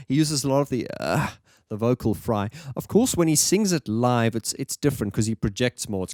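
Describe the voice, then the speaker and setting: A man's voice: medium pitch, brisk, a little mellow, dry recording, studio quality. A man reviewing an album in a casual, enthusiastic, rambling monologue.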